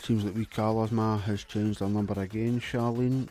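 A Scottish man hosting a radio show, reading listener texts in deadpan, sweary comic patter. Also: on the low side, moderate pace, loud music behind the voice.

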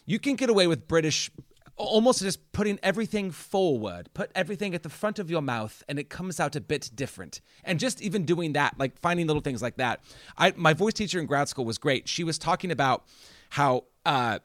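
A young man, a podcast guest, chatting casually about film, animated and swearing freely. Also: on the high side, fairly quick, dry recording, clean studio sound.

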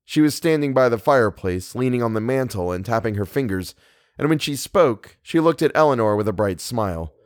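A man's voice: mid-range voice, lively intonation, brisk, no room sound. Man narrating a novel, dry close sound. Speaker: audiobook narrator. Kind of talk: scripted narration.

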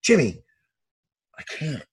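A man's voice: slow pace, darkish tone. A man, an MMA coach, chatting casually on a podcast, ranting heatedly and swearing a lot. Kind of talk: casual chat.

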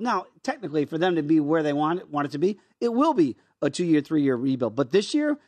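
Animated, emphatic man co-host. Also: fairly high pitch, brisk, few pauses, dry recording. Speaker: sports betting show co-host. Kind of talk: casual sports betting chat.

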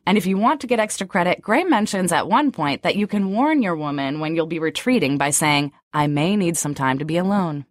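Low-voiced woman co-host, dry sound. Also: lively intonation, fairly quick, hardly any pauses, no room sound. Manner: chatty, frequent "like" fillers when unscripted. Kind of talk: scripted summary and casual chat.

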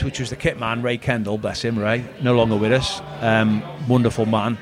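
A man's voice: medium pitch, fairly even intonation, normal speed, a crowd in the background. A middle-aged man, a former footballer telling rambling anecdotes in casual chat. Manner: rambling anecdotal, quotes others in voices. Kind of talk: storytelling chat.

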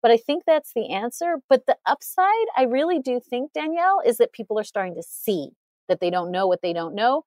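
A woman's voice: fairly high pitch, lively intonation, a little mellow, dry recording. Earnest, articulate woman guest. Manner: articulate, earnest, rapid, with many "you know" fillers and short laughs. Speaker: interview guest. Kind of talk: conversational analysis.

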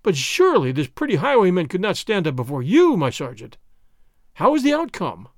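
A man's voice: sits high, wildly swooping pitch, brisk, no room sound, clean studio sound. A man voicing a mild, foppish young nobleman who needles a sergeant in a mock-innocent way. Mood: needling.

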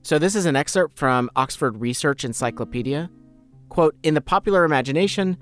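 A man hosting a podcast, narrating a story in a measured, explanatory way. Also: fairly high pitch. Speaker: podcast host.

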